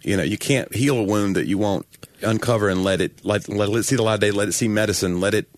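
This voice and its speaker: A man's voice: lowish voice, quick pace, no echo. A man co-hosting a casual podcast, agreeable and wry, teasing now and then.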